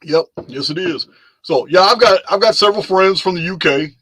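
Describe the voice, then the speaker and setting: A man's voice: high-pitched, moderate pace, bright, forceful tone, slightly rough, no room sound. Rambling man hosting a dry live chat. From lives in Texas. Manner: loose and rambling, repeats himself. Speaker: live stream host.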